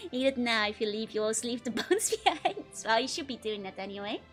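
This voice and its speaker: Young woman, high voice, giggly and teasing, casual stream chat, soft music behind. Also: huge pitch swings, moderate pace. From Netherlands. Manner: giggly, laughs constantly, playful teasing. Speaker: VTuber streamer. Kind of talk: casual live-stream chat reading viewer messages.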